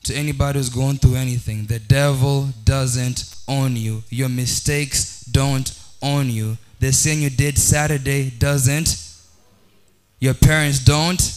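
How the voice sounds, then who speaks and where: A man's voice: mid-range voice, steady tone, takes it slowly, faint music behind. A man with a Kenyan accent preaching a sermon, building repeated declarations and mixing English with Swahili. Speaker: pastor.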